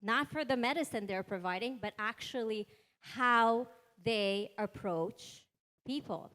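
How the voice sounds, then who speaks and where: A woman with a fairly high voice gives a panel answer at a conference. She speaks energetically and demonstratively, turning to the audience with questions. Her voice carries through a conference hall. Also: a little slow, a bit bright. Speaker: panelist, behavioral analyst.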